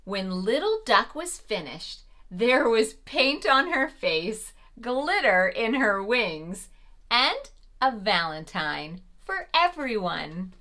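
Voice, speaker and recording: A woman reads a picture book aloud to small children in a gentle, encouraging, sing-song way. She takes her time over each line, and her voice rises and falls a lot. Her tone is bright and clear. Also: a little high, very animated, slow. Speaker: preschool storyteller host. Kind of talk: read-aloud for preschoolers.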